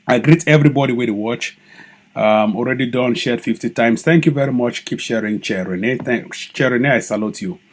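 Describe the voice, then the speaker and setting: Cameroonian Pidgin-speaking male activist streamer, husky voice, mocking and animated. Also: medium pitch, moderate pace. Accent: Cameroonian Pidgin English. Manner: animated, mocking, swings into loud mimicry. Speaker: online activist broadcaster. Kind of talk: live-stream commentary.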